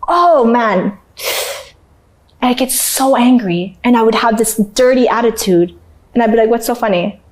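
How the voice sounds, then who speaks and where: A young woman from Canada, an interview guest, telling an emotional story with animated acted-out voices and laughter. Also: on the high side, measured pace, long pauses.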